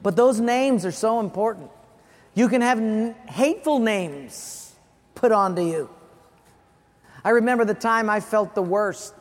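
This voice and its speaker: Male pastor from Hawaii, high voice, earnest sermon storyteller, long hall reverb. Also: measured pace. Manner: earnest storytelling, repeats phrases for emphasis. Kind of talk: sermon with personal stories.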